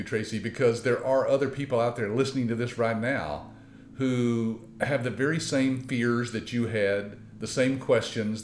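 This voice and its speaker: A man hosting a promotional interview, encouraging and quick to laugh. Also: medium pitch, slight background noise. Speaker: interviewer host. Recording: echoey room.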